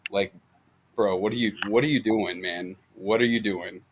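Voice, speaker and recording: Rambling low-voiced man in casual talk. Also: steady tone, normal speed, slightly rough. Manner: rambling, filler-heavy. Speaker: guest, client. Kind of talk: casual reaction chat.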